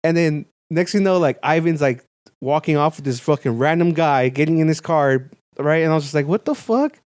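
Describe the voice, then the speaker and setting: A young man tells a long, laid-back story on a podcast, peppering it with curses and bouncing his pitch up to mimic other people. His voice sits a little high for a man, and the mic is close and dry with almost no room sound. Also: steady tone, brisk, a little mellow, clean tone, no room sound. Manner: swears a lot, acts out quoted people with jumps in pitch. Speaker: podcast co-host. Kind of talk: casual storytelling chat.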